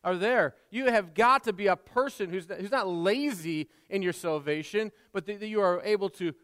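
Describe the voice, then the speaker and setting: A man's voice: sits high, a bit bright. A male pastor preaching a sermon in a church, earnest and conversational, with frequent restarts and asides. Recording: long reverb in a large hall.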